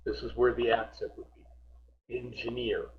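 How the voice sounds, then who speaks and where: A male English teacher speaks slowly and patiently over a video call, drilling his students on contractions and repeating words until they land. The audio comes through slightly muffled, like a typical online lesson. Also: lowish voice. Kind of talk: online group class instruction.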